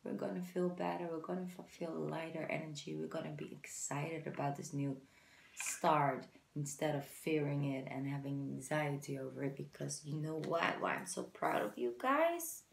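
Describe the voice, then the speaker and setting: A woman's voice: low voice, normal speed, vocal fry, roomy sound, slight background noise, low-quality recording. A woman giving a casual, encouraging tarot reading and talking straight to her viewers with many "you know"s. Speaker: tarot reader.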